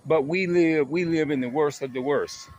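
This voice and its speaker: A man's voice: fairly high pitch, normal speed, a little mellow, a little hiss or hum. A man ranting in an emphatic, repetitive monologue to his viewers, swearing as he drives his points home. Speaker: vlogger.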